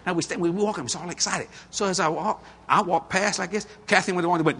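A middle-aged man preaching a storytelling sermon, folksy and animated, laughing at his own stories. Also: high voice, quick pace, creaky, hardly any pauses, slightly rough.

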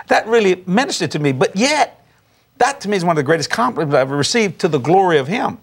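A man, a pastor telling a testimony story with animated, laughing preacher emphasis. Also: high voice, quick pace, slightly rough. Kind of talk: storytelling testimony on a talk show.

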